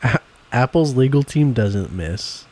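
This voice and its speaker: A man's voice: medium pitch, expressive, measured pace, a little mellow, dry recording. A young man co-hosting a casual podcast chat over beers, chiming in with dry, teasing remarks. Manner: dry short interjections, teasing. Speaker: podcast co-host.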